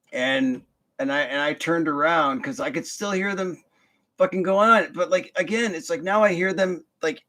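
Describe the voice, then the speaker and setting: With a fairly bright, slightly high voice, a young man delivers a casual, rambling monologue about something that happened at work. He swears a lot and fills the rant with fillers and restarts.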